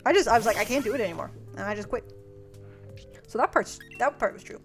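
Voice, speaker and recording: Young woman on stream reading old letters, snarky, cusses a lot, kinda high voice, soft music in the back. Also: lively intonation, fast talker. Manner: sarcastic, swears freely, mocks her past self. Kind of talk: casual chat reading old diary letters aloud. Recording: faint music behind.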